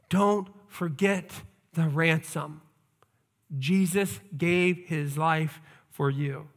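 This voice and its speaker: Bright, slow-preaching male pastor. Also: high voice. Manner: earnest preaching with emphatic repetition. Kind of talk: sermon.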